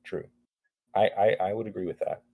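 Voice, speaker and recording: A man with a very deep, mellow voice speaks as a caller in an online debate. He stammers and hedges, restarting his words as he tries to make his point. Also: steady tone, a little fast, breathy edge. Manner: hesitant, stammering, hedging.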